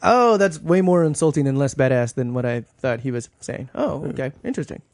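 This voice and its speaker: A man's voice: mid-range voice, lively intonation, a little fast, a little mellow, no echo, studio quality. A man co-hosting a podcast, trading playful quips in casual banter. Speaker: podcast co-host.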